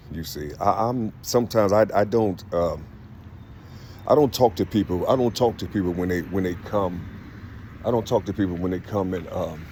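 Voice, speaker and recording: A man's voice: low-pitched, a little hiss or hum. A man in his fifties talking to his viewers in a rambling monologue, peppered with "you see", fillers and restarts. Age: 50s. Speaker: vlogger. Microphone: phone.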